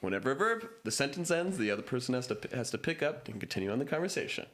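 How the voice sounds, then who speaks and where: A man's voice: medium pitch, sing-song, rapid-fire, very noisy. A man hosting an improv comedy show, upbeat as he explains the games and calls out prompts.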